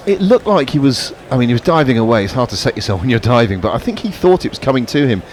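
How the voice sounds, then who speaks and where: A man's voice: medium pitch, very animated, fast, darkish tone, a little hiss or hum. A man co-commentating on cricket radio. He chats informally and drops in asides. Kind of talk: casual cricket radio chat.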